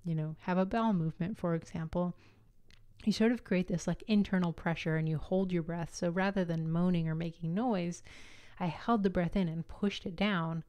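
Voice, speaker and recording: A woman's voice: lowish voice, fairly even intonation, moderate pace, darkish tone, clean tone. A young woman hosting a podcast, telling a personal story in a candid, chatty way with occasional laughter. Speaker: podcast host.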